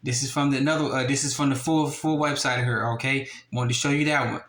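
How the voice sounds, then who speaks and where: Man, online commentator, insistent, keeps asking "all right?", monotone, roomy echo. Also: medium pitch, fast. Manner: insistent, repeats "all right?" and reads web addresses aloud. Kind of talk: casual screen-share commentary. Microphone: handheld camera or phone.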